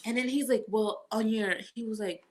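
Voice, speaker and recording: A woman's voice: a little high, moderate pace. A woman in casual conversation, telling a long anecdote with lots of laughter and quoted back-and-forth. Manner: animated storytelling, acts out quotes, laughs often. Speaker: guest vlogger. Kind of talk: casual chat.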